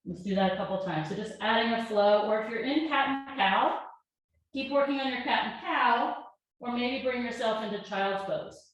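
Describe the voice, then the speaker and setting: A woman yoga teacher calmly talking a class through breaths and poses, with gentle step-by-step cues. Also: on the high side, moderate pace. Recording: very echoey room.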